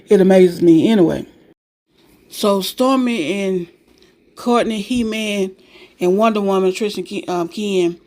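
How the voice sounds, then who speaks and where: A woman's voice: mid-range voice, mellow. A woman giving a sassy, opinionated casual recap of a reality show, talking straight to her viewers in slang.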